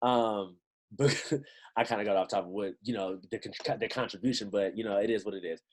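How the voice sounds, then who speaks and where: A man giving a lively pep talk to his team on a video call, full of slang and rhetorical questions. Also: fairly low pitch, brisk, slight background noise, rough recording. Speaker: motivational team trainer.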